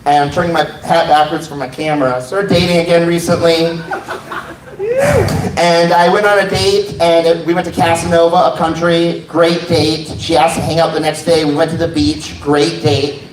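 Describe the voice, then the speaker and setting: A man's voice: fairly high pitch, level tone, normal speed, background noise. A man telling personal stories in a stand-up set, wry and laid-back. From United States. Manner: wry, laid-back storytelling with quoted asides. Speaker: stand-up comedian. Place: comedy club stage. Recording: roomy live sound from a distance.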